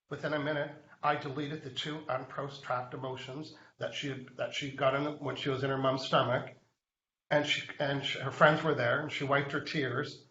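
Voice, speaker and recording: A man's voice: mid-range voice, fairly bright tone, roomy sound, dull audio. A man hosting a live online show, telling a story in a chatty way and speaking straight to viewers. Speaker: host.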